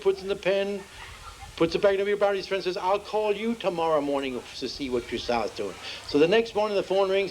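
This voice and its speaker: A man's voice: a little hiss or hum, poor audio. Homespun male joke teller. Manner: homespun storyteller, acts out dialogue with shifting pitch. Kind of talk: folksy joke telling to a live audience. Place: outdoor festival.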